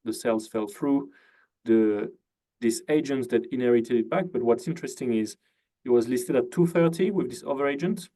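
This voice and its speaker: Mellow and medium-pitched, a male host conducts an easygoing video-call interview at a moderate pace. Lots of "you know" and "uh" fill the gaps, and his questions tend to be leading.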